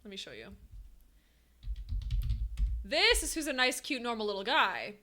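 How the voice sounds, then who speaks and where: Bright, animated young woman streamer. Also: on the high side, measured pace. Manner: animated, talks to chat, laughs often. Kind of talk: casual live-stream chat.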